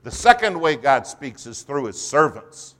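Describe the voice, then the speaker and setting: A man preaching a sermon and telling a story, his voice swinging from hushed to loud. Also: medium pitch, a little slow. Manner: storytelling, animated.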